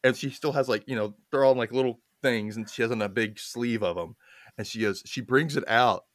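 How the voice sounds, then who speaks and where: A man's voice: medium pitch, a little fast, no echo, studio quality. A man telling family stories in a casual conversation, laughing often and acting out the people he quotes. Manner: animated storyteller, laughs often, acts out quoted voices. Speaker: guest.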